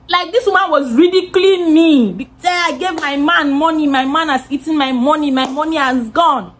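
A young woman with a Nigerian accent telling an animated storytime vlog, laughing and swearing as she goes. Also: high voice, normal speed, hardly any pauses, a little hiss or hum. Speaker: vlogger.

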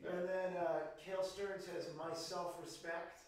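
High-voiced man reading chat, hesitant. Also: little pitch movement, measured pace, reverberant, low-quality recording. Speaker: co-host reading viewer comments. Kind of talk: livestream comment reading.

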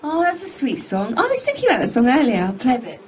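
High-voiced singer-songwriter woman chatting casually. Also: wildly swooping pitch, a little hiss or hum. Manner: chatty, offhand, quick to laugh. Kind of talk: casual chat between songs. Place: music studio. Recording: loud acoustic guitar behind voice.

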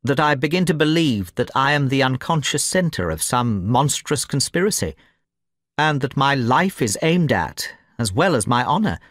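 A man's voice: medium pitch, very animated, moderate pace, fairly bright tone, dry recording. Male reader as earnest young diplomat, dry, close sound. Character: young male diplomat, shaken but courteous.

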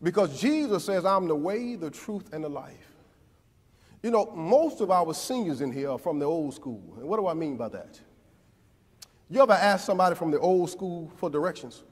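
High-voiced preacher booming in a hall. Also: male voice, expressive, normal speed, husky. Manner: call-and-response preaching, swelling to near shouts then dropping low. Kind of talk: sermon. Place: church sanctuary. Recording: long church hall reverb.

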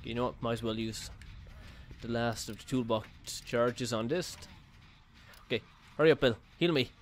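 A man commentates on his own gameplay at an ordinary mid pitch. He frets and mutters his plans to himself, then bursts into startled yelps. A faint noise sits under the recording. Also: normal speed. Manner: panicky, swings between jittery muttering and sudden yelps. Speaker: gaming YouTuber.

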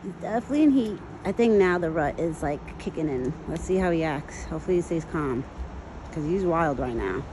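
A woman's voice: low-pitched, animated, a little fast, background noise. A woman filming outdoors among trees and talking to her pet deer in doting baby talk, laughing often. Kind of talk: casual vlog narration.

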